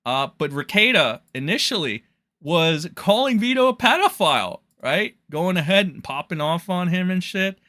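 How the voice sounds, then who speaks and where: A man's voice: sits high, lively intonation, normal speed, bright, forceful tone, no echo. A man giving heated, profanity-laced livestream commentary, with exasperated outbursts.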